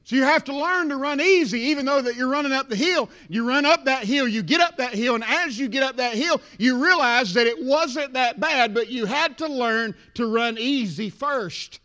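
A male pastor preaching a sermon, building from quiet talk to shouted crescendos. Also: very high voice, normal speed, few pauses.

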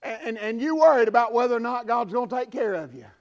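A man preaching a sermon, swinging from hushed asides to shouted peaks. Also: very high voice, expressive, quick pace. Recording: dull lo-fi recording.

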